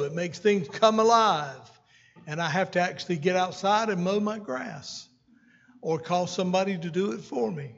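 A senior pastor delivers a folksy, conversational sermon, with asides to his congregation. His voice sits notably high for a man, and the recording is dull and muffled. A long reverb trails his words through the church hall. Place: church sanctuary.

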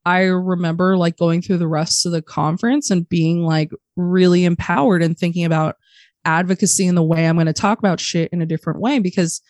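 A woman guest on a podcast, telling her story candidly in casual chat, swearing freely and speaking quickly. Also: lowish voice, fairly even intonation, darkish tone, dry recording, studio quality.

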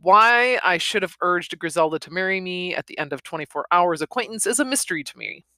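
A woman's voice: fairly low pitch, animated, fairly quick, pushed and bright, dry recording. A woman reading a novel aloud and stopping for chatty, laughing comments. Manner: chatty, laughs between passages. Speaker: reader.

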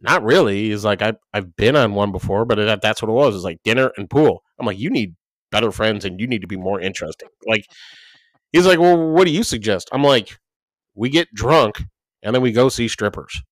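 A man's voice: lowish voice, expressive, a little fast, fairly bright tone, no echo. A man co-hosting a podcast, telling long casual stories full of "like" and quoted dialogue, swearing freely. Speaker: podcast co-host. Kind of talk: casual storytelling chat.

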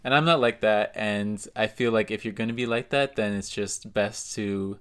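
A man's voice: lowish voice, normal speed, fairly bright tone, clean tone. A man co-hosting a podcast, explaining his view in a laid-back, reasoned way. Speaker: podcast co-host. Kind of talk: casual podcast chat.

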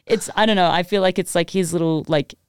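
An Australian woman tells a story in loose, casual podcast chat, tossing in laughs and fillers. Her voice is smooth and clear. The mic sound is close and dry. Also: fairly low pitch, steady tone, fairly quick, a little mellow, no echo. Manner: chatty, giggly, lots of fillers. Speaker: music producer, podcast guest.

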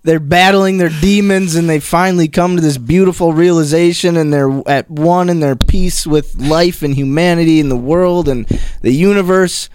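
A man doing a halting, joking stand-up bit among friends. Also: a little high, darkish tone, clean tone. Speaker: amateur stand-up comic. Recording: background noise.

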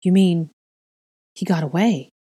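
A woman's voice: fairly low pitch, a little slow, dark tone, husky. A woman reading the lines of a flustered, eager young woman, pressing with questions.

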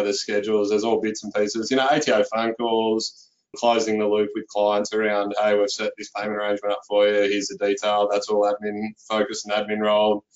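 An accountant speaking as a guest in a relaxed interview, filling his speech with "you know". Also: on the low side, lo-fi sound. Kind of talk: conversational interview.

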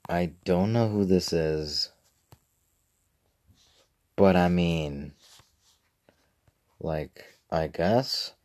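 A man's voice: low voice, extremely slow, long pauses, a little mellow. A young man rambling casually and profanely on a livestream, with mumbled asides. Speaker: streamer.

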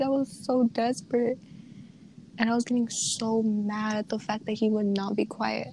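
A young woman in her late teens, a student, chatting casually and quickly, with lots of fillers and acted-out quotes of what others said. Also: fairly high pitch, warm tone, a little hiss or hum, rough recording. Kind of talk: casual chat.

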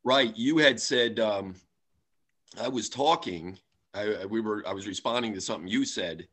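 A man's voice: lowish voice, normal speed, a bit bright. A man who is a guest on a podcast, speaking hesitantly and recounting past conversations step by step. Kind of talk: casual conversation.

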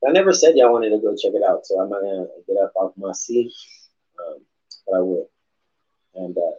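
A man's voice: low voice, normal speed, pauses often, warm tone, husky. A man hosting a casual morning podcast from a room at home, rambling along with slang and swearing. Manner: rambling and laid-back, peppered with slang and swearing. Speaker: podcast host. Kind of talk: casual morning show chat. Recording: dull lo-fi sound.

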